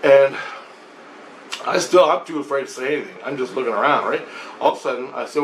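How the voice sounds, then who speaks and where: A man's voice: medium pitch, lively intonation, a little fast, pauses often, a bit bright. A man retelling a spiritual vision in casual, rambling storytelling, swearing often and restarting his sentences. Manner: rambling, profane, many restarts and repetitions. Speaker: vlogger. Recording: roomy echo, faint background noise.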